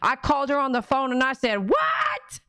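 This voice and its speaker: A woman pet groomer hosting a live fundraiser stream, chatty and excitable, gushing thanks to donors. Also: high-pitched, fast, smooth, no room sound, clean studio sound. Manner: excitable, gushing thanks, sings repeated thank-you chants.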